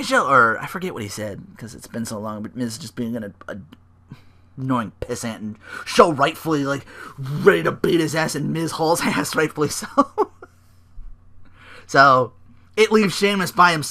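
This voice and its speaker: A man's voice: medium pitch, expressive, moderate pace, pushed and bright. A man hosting a podcast alone, rambling through a casual recap, swearing freely and acting out the people he talks about. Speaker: podcast host.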